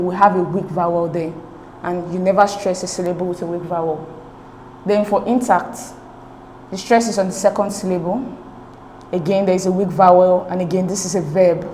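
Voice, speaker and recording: Woman, exam tutor, low-ish voice, patient step-by-step explainer; roomy echo, light background hiss. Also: steady tone, a little fast, darkish tone. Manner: patient, step-by-step, checks with "okay?". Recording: echoey room with faint noise.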